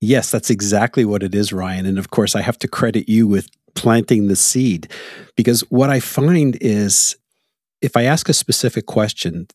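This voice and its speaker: Husky-voiced Canadian man, chatty. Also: fairly low pitch, normal speed, no room sound, studio quality. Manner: animated, laughs often, tells anecdotes. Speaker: podcast host. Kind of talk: casual conversation.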